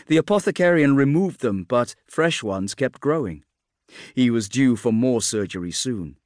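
A man reading a science-fiction war story as an audiobook narrator, in a steady, measured storytelling manner. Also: mid-range voice, no echo, studio quality. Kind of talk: scripted narration.

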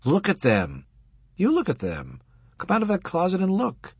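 An older rabbi, stern and commanding, as the man reading puts him on. His voice is raised high and swings widely as he preaches. It has a husky, dry edge. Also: wildly swooping pitch, dry recording, heavily acted. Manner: lofty, preaching, slow on emphasis.

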